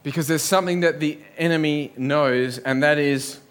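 A man's voice: on the high side, normal speed, a bit bright, clear, resonant tone. A man preaching a sermon in a church, earnest, building up lists and rhetorical questions. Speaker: pastor.

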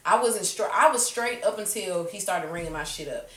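A woman podcast host in a loose chat with friends, telling a story with big energy and putting on quick voices for the people in it. She swears freely and never slows down for polish. The sound is roomy and a bit distant from the mic. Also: medium pitch, fairly bright tone.

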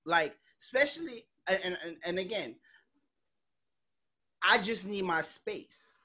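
A woman's voice: medium pitch, expressive, slow pace, bright, forceful tone, husky. A woman hosting a podcast, chatting casually in a blunt, emphatic way and swearing freely. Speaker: podcast host. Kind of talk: casual chat.

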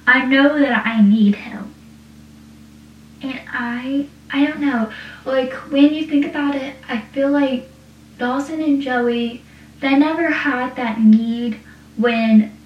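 Young woman, casual rambling chat, fillers everywhere, highish voice, distant mic, echoey room. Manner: rambling, heavy use of "like". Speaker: TV show reviewer. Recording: distant, roomy, dull-sounding.

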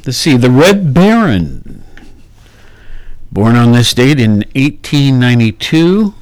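Slow easygoing man hosting radio chat. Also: fairly low pitch, darkish tone, dry recording. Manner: unhurried, thinks aloud with ums and let's-sees. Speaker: radio show co-host. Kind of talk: casual radio chat, reading on-this-day items.

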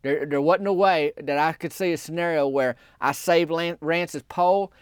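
A man telling a rambling, deadpan comic story in folksy country talk. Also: a little high, moderate pace, smooth, no echo, studio quality. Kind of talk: deadpan comedic storytelling monologue.

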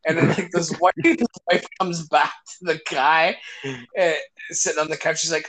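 Casting: slightly high-voiced guy, swears a lot, storytelling banter. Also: flat delivery, moderate pace, a bit bright. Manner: swears constantly, retells comedy scenes. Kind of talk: casual chat.

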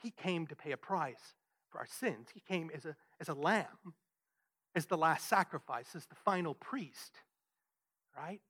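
A man's voice: on the high side, measured pace, a bit bright, breathy edge. A man preaching a sermon, emphatic and conversational, often asking his listeners "right?". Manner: emphatic, rhetorical questions, frequent "right?". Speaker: pastor.

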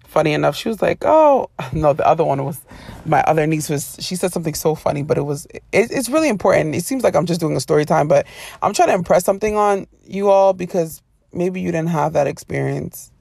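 A woman with a gravelly, creaky edge to her voice talks straight into a close, dry-sounding mic. She hosts a casual storytelling monologue, animated and expressive, slipping into little voices for the people she quotes and laughing often. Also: low voice, a little fast, no room sound. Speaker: podcast host.

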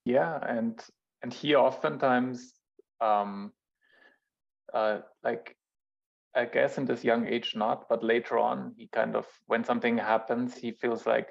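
Gravelly man on dull lo-fi audio. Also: medium pitch, steady tone, slow pace. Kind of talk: group discussion and reading aloud.

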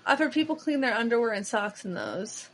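A woman's voice: fairly high pitch, expressive, fairly quick, a bit bright, slight background noise. A woman hosting a podcast, chatting casually and enthusiastically, with lots of filler words. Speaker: podcast host. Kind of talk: casual chat.

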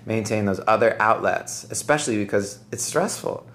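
A man's voice: fairly low pitch, normal speed, a bit bright. A man hosting a podcast in casual chat, rambling and reflective, often saying "like" and "right?". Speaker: podcast host.

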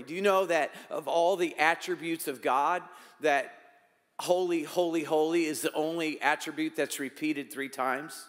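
A man preaching a sermon as pastor, shifting between emphatic raised lines and quiet asides. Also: a little high, steady tone, a little slow, long reverb tail.

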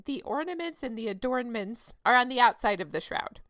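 A woman's voice: on the high side, fairly quick, no echo, clean studio sound. A woman co-hosting a casual podcast, telling a spooky folk legend and laughing often. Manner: giggly, laughs often, animated storytelling. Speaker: podcast co-host. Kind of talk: casual chat.

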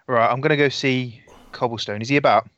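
A man's voice: mid-range voice, steady tone, brisk, fairly bright tone, dry recording. Male tabletop player, casual and foul-mouthed, dull lo-fi recording, dry sound. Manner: casual, swears freely. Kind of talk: tabletop role-play in and out of character.

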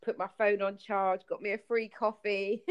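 Animated woman telling travel stories. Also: medium pitch, normal speed, clear, resonant tone, muffled recording. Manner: animated storyteller, acts out quotes. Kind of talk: casual podcast chat.

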